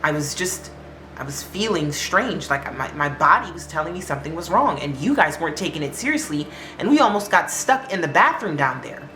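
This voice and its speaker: Woman doing a jumpy post-op patient, insistent, lively delivery, roomy sound. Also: low-pitched, fairly quick, a little hiss or hum. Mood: defensive. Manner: agitated, insistent. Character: anxious woman patient just out of surgery.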